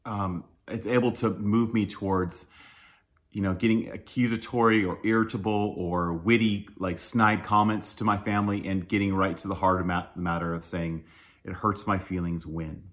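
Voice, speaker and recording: Male pastor, 30s, conversational sermon delivery, candid and self-deprecating, fairly low voice. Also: steady tone, normal speed. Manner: candid, self-deprecating, laughs often, many um fillers. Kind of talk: casual sermon talk.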